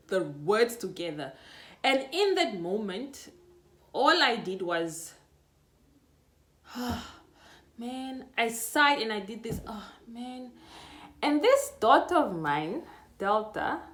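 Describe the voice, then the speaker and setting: Young Namibian woman, casual vlogger, animated storyteller, mid pitch. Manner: chatty and animated, laughing, full of restarts. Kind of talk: casual reflective vlog.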